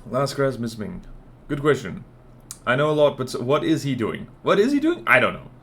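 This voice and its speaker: A man's voice: medium pitch, normal speed, a little hiss or hum. A man streaming a game, giving casual, joking commentary and talking to himself. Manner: animated, jokey self-talk.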